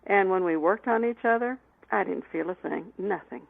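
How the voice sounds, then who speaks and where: A woman guest telling lively anecdotes in an interview, laughing often and restarting her sentences. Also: medium pitch, normal speed, vocal fry, dry recording. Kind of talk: storytelling in an interview. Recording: tinny phone line, dry.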